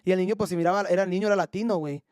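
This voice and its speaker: A man's voice: sits high, rapid-fire, darkish tone, clear, resonant tone, no room sound, clean studio sound. A young man telling a story on a podcast, casual and profane, switching between Spanish and English slang. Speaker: podcast co-host.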